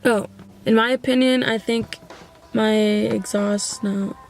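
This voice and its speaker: A woman's voice: a little high, fairly even intonation, slow, faint music behind. A woman vlogging casually outdoors beside her car, rambling and swearing offhandedly, on a camera mic in the wind. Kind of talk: casual vlog.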